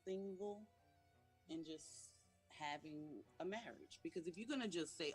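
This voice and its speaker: A woman's voice: sits low, normal speed, slightly rough, soft background music. A woman guest on a radio talk show, chatty and inquisitive, sometimes trailing off mid-sentence. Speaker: guest artist. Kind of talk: casual talk show chat.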